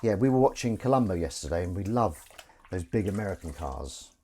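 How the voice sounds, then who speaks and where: A husky, mellow, low voice belongs to an English man who speaks fairly quickly and expressively. While washing dishes on his live stream, he rambles and jokes with viewers in between chores.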